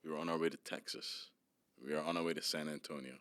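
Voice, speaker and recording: A man's voice: rumbling low, fast, clean tone, no echo. A man telling funny stories in casual podcast chat, acting out the people he met. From West Indies. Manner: animated storytelling, acts out voices. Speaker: comedian guest.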